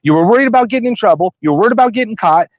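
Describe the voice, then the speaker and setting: A man with a high-pitched voice hammers away in a heated confrontation. He talks at a rapid clip, accusing and relentless. The sound is dry and close. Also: expressive, dry recording. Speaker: stream host confronting a suspect.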